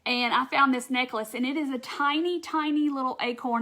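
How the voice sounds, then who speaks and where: Woman, Southern accent, folksy livestream host, bright tone, a bit high-pitched. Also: moderate pace. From Mississippi. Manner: chatty, folksy, reads viewer comments aloud. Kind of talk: casual craft demo livestream.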